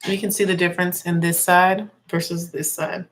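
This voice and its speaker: A woman's voice: fairly low pitch, little pitch movement, normal speed, slight background noise. A young woman with a slightly congested voice, chatting casually through a makeup tutorial and explaining each step as she works. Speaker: music teacher and beauty vlogger.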